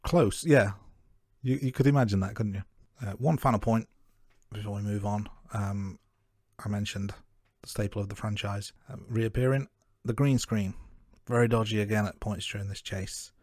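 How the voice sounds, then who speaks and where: A man with a fairly low voice walks through his notes on a film in a measured, casual podcast chat. The sound is dry and close, with almost no room behind him. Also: fairly even intonation, a little mellow, dry recording. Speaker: co-host of a film review podcast.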